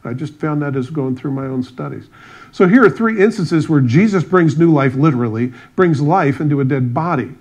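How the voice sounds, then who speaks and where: Male pastor, slightly higher voice, storytelling sermon with wry asides and acted-out dialogue. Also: lively intonation, normal speed, darkish tone.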